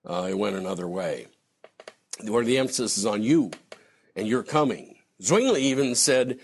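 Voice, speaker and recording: Male theology lecturer, lively up-and-down pitch, chatty and digressive, slips into acted quotes. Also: moderate pace, slightly rough. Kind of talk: conversational lecture answering a question.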